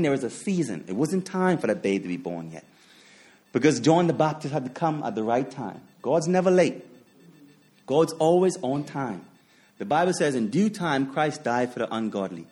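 In a fairly high, slightly mellow voice, a man preaches a sermon, hammering his points through emphatic repetition. He poses rhetorical questions and shares personal stories with chuckling asides.

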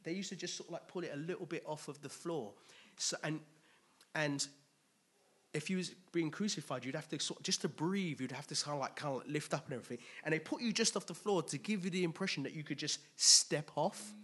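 A man preaching a conversational, animated sermon, laughing often and restarting his sentences. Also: a little high, brisk, breathy edge. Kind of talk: expository sermon.

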